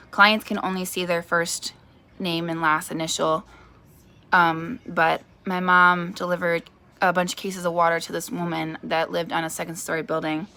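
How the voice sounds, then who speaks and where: Bright-voiced chatty woman telling a story. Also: lowish voice. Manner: chatty, lots of fillers, acts out quoted voices. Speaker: vlogger. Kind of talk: personal storytelling vlog.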